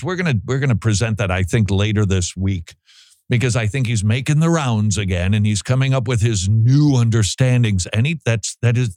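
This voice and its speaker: A man hosting a talk show, giving sarcastic, animated commentary. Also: mid-range voice, no echo. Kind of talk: opinionated commentary.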